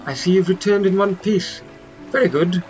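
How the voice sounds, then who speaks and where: A man voicing a posh, smooth-talking English male mayor with formal, polished speech. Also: sits high, normal speed, a little mellow, lo-fi sound, faint music behind, voice pushed up, natural voice. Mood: courteous.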